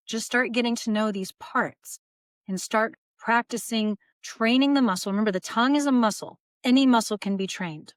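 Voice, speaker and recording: A woman voice coach, seated in her small studio, calmly guiding listeners through breathing and projection exercises. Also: on the high side, no room sound. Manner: calm, guiding, breaks into vocal demonstrations. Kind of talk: instructional voice lesson. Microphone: seated at camera.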